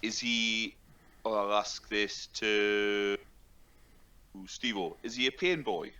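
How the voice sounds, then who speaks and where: A man's voice: on the low side, steady tone, takes it slowly, pushed and bright, clear, resonant tone, muffled recording. A man in a casual group chat who talks hesitantly, mocks himself and swears under his breath.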